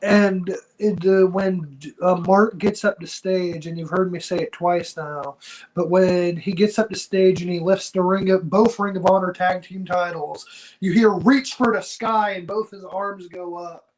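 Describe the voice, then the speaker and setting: A man with a high voice speaks in casual podcast chat as a wrestling show co-host. He talks earnestly and from the heart, full of slang. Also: little pitch movement, unhurried, darkish tone, rough recording.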